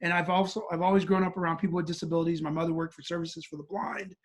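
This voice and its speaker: Husky high-voiced man telling a story. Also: fairly even intonation, rapid-fire. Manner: vivid, acts out voices in his story. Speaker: guest. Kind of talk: storytelling in an interview.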